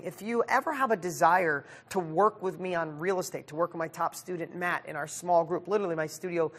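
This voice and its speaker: A man runs a live motivational Q&A from his studio, energetic and emphatic. He keeps it casual and sometimes swears as he pushes his listeners. He speaks with real drive and answers questions as they come in. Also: a little high. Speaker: success coach hosting a monthly live session.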